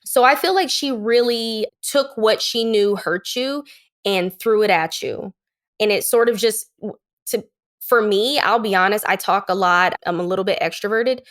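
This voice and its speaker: A woman who is a podcast guest, telling a candid personal story and acting out the quoted lines in a lively way. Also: medium pitch, normal speed. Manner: animated, acts out quoted lines.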